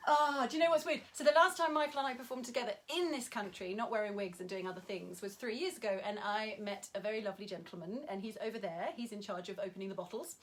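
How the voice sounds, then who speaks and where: A woman's voice: mid-range voice, steady tone, fast, hardly any pauses, a bit bright. A young woman performing comic songs and chatting between them in a breezy, self-mocking way, with piano behind her. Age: young adult. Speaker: comedy singer and performer. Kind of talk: comic songs and stage chat. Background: piano accompaniment.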